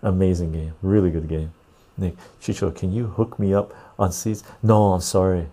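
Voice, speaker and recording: A man's voice: sits low, fairly even intonation, moderate pace, dark tone. A middle-aged man from the West Coast of Canada, hosting a casual livestream podcast and answering viewer chat aloud. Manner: reads viewer chat aloud and answers loosely, with frequent fillers. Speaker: podcast host.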